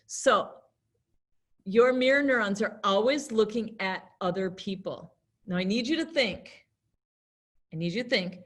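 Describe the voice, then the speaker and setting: A middle-aged American woman teaching a class in a lively, chatty way, acting out little scenes as she explains. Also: on the high side. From United States. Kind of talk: classroom lesson talk.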